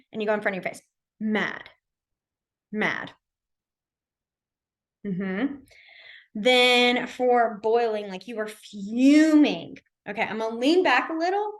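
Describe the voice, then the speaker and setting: A young woman casually teaching a beginner sign language class online, chatty with many fillers. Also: on the high side. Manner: chatty, lots of fillers, demonstrative.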